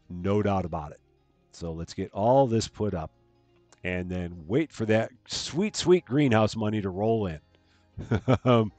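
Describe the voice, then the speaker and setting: A man's voice: lowish voice, darkish tone, no echo. A man casually chatting with viewers while he plays a farming game on a live stream, greeting people and laughing at his own jokes.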